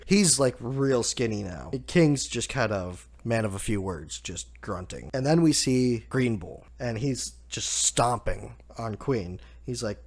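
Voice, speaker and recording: A man hosting a casual chapter review, relaxed, laughing often and saying "like" a lot. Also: mid-range voice, unhurried, hardly any pauses. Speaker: manga review host.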